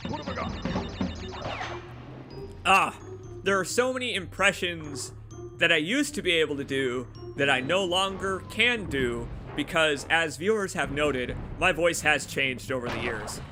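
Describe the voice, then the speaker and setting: A young man streaming a game, rambling and joking with his chat, his voice a little hoarse from long talking. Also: a little high, animated, moderate pace, music in the background. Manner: rambling, joking, self-deprecating asides to chat. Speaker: let's play streamer. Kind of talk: casual gameplay commentary.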